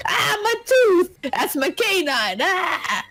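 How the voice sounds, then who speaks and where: A woman voicing a scrappy young male suspect in a tabletop game who yelps and complains in a high, strained voice. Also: very animated, takes it slowly, a bit bright, faint music behind, exaggerated voice. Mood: whining.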